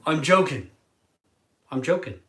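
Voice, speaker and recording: A man in an emotional vlog monologue as a craft beer reviewer. He sounds tearful and halting, and often trails off mid-sentence. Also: on the high side, animated, pushed and bright.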